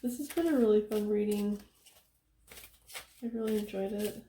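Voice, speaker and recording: A young woman giving a casual tarot reading, soft-spoken and chatty, laughing often and filling her talk with "like". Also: medium pitch, moderate pace, reverberant, a little hiss or hum. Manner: giggly, chatty, soft-spoken, with frequent fillers. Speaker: tarot reader.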